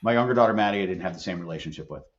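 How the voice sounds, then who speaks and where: A middle-aged employment attorney and leadership expert guests on a conversational podcast interview, telling stories earnestly and emphatically. His fairly low voice comes out rapid-fire, and the sound is dull and a little lo-fi.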